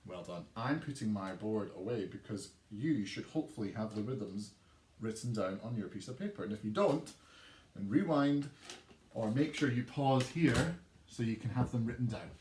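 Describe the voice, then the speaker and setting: A man's voice: on the low side, lively intonation, normal speed, a little mellow. A man teaching a recorded online music lesson for children, chanting rhythm words and encouraging the pupils. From England. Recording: echoey room, faint noise.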